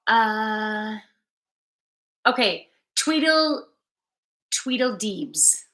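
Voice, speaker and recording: A woman with a bright, ringing voice gives a relaxed, sleepy card reading on a live stream. She rambles easily and answers viewers' chat between readings. Her voice echoes around the room she is in. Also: mid-range voice, drawn-out words. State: sleepy, yawning. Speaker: spiritual card reader and yoga teacher.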